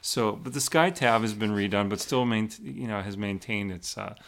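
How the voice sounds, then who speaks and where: A middle-aged man with an Oregon accent, chatting as a podcast co-host. His voice sits a little low, and he wanders through his points with fillers and restarts. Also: normal speed, gravelly, fairly bright tone. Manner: rambling, hesitant with many fillers. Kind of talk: casual chat.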